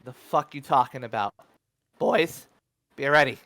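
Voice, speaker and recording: A man voicing an angry, foul-mouthed male gang boss who swears at intruders in a raised, yelling voice. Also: medium pitch, measured pace, no room sound. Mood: threatening. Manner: shouting, swearing.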